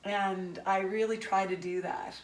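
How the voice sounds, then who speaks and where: Soft-spoken woman host in echoey room. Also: medium pitch, flat delivery, measured pace. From Canada. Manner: gentle, reflective, soft-spoken. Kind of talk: interview conversation. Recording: echoey room from far off, faint noise.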